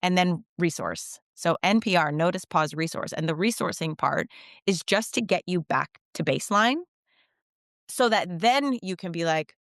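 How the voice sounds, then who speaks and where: Brief: woman, podcast coach guest, low-ish voice, reflective with easy laughs, dry and close. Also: expressive, no room sound. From United States. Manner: reflective, warm laughs, quick asides. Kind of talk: podcast conversation.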